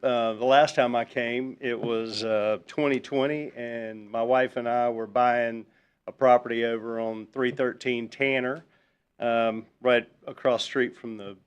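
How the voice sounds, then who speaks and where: Man at a council hearing, smooth clear voice, easygoing and folksy with frequent ums. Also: mid-range voice. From Virginia, US. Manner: relaxed, folksy, lots of ums. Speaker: resident speaking at public hearing. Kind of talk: public comment at a council meeting. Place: town council chamber.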